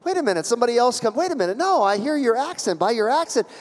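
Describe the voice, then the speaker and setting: A man's voice: very high voice, wildly swooping pitch, unhurried, a little mellow, big-room sound, pitched above the performer's own voice, exaggerated voice. A man voicing a young slave girl who keeps pressing an accusation in a pushy way. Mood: accusing.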